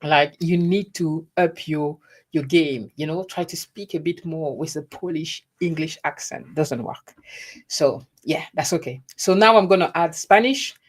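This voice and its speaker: Middle-aged woman, slightly low voice, chatty vlogger, laughs at herself. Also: measured pace. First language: French. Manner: chatty, laughing, self-deprecating. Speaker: YouTube host. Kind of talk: casual live stream chat.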